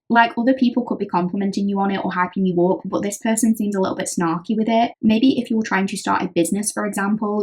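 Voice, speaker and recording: A woman's voice: mid-range voice, a little mellow. Chatty British woman reading tarot. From Britain. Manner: chatty, conversational, often acting out what others say. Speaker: tarot reader. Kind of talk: pick-a-card tarot reading.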